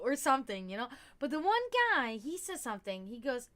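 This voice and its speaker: A woman's voice: high voice, big pitch swings, brisk, hardly any pauses. A woman hosting a casual livestream, talking candidly and rambling with lots of fillers and swearing. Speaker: livestream host.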